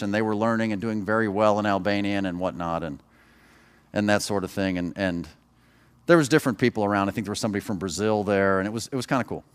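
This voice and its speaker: A man's voice: fairly low pitch, smooth. A man, a pastor, preaching a sermon in a conversational way, with personal stories and joking asides to the congregation.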